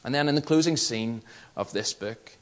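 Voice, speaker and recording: A Northern Irish man delivers a sermon in an earnest, measured way. He presses each point home by repeating phrases, and his pitch sits in an ordinary middle range. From Northern Ireland. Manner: earnest, measured, with emphatic repetition. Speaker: preacher.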